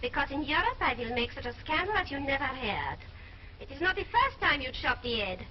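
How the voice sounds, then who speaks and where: A woman's voice: sits high, very animated, a little fast, slight background noise. An actress playing a shrewd, teasing queen, on a distant, muffled old film soundtrack. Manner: teasing, laughs as she bargains. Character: shrewd German queen, playful and sly. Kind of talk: 1930s film acting.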